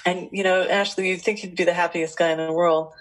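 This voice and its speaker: A woman speaking as a relationship expert, telling stories from her interviews in an animated, rambling way with many restarts. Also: on the low side, a little fast, low-quality recording. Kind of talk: storytelling interview answers.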